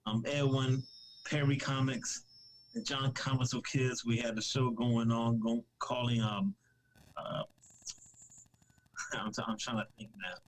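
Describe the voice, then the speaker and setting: A man's voice: medium pitch, fairly even intonation, unhurried, long pauses, slight background noise, poor audio. A man chatting as a podcast guest, rambling with lots of restarts and easy laughter. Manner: rambling, many restarts and fillers; laughs easily, joking. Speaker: podcast guest, comic creator. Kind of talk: casual live-stream chat.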